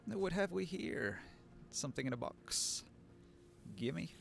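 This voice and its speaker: A man's voice: a little high, lively intonation, unhurried, gravelly, soft background music. A man with a Pacific Northwest accent giving sardonic live commentary as he plays a game, swearing often. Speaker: game streamer.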